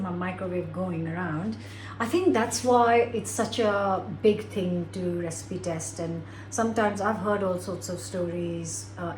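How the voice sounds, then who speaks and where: A woman's voice: fairly low pitch, slight background noise. Chatty woman cooking in an echoey kitchen. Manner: frank and chatty, with exclamations. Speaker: cooking vlogger. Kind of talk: chatty cooking vlog, talking while cooking. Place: home kitchen. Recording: roomy kitchen echo.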